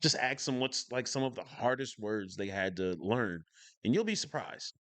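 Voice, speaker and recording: A man's voice: mid-range voice, lively intonation, normal speed, a bit bright, no room sound. A man from the northern United States giving casual reaction commentary as a channel host, speaking emphatically and enunciating every word, repeating his points for stress. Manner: emphatic, clearly enunciated, opinionated.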